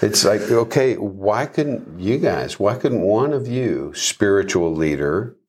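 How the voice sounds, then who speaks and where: Man, very low voice, faith discussion, emphatic rhetorical questions. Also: animated, slow pace, a little mellow, breathy edge. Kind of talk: conversational faith talk.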